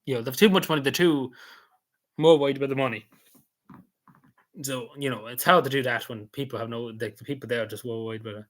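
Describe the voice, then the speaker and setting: A man talks through his day in a loose, rambling vlog. He circles back on his points and fills the gaps with lots of ums and likes, at an everyday middle pitch. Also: a little fast, long pauses, a bit bright. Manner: rambling, repeats himself, many fillers. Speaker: vlogger. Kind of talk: casual recap of an event.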